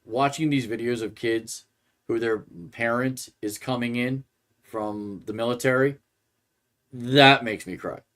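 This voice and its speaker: A male sports podcast host in a casual, rambling rant. He keeps stopping and restarting his sentences as he talks, at a medium pitch for a man. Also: measured pace, fairly bright tone. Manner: rambling, restarts often, ranting.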